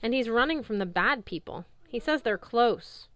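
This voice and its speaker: A woman voices an eager young male satyr, explaining what an animal says, pitching her voice above her own natural one. It comes out a little high and fairly bright, with lively intonation at a moderate pace, plus a little hiss or hum.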